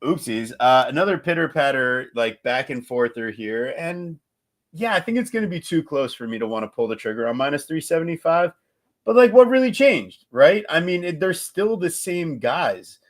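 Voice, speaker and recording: A man co-hosting a casual fight-betting show, talking in an animated, jokey, rambling way. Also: on the high side, normal speed. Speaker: podcast co-host and betting analyst.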